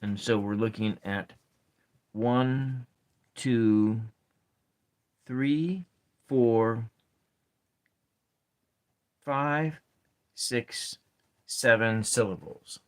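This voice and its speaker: A man giving a soft-spoken ASMR lesson at his writing desk, thinking aloud as he counts syllables and spells out words. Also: medium pitch, extremely slow, pauses often. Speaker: ASMR poetry teacher. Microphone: camera set over his desk.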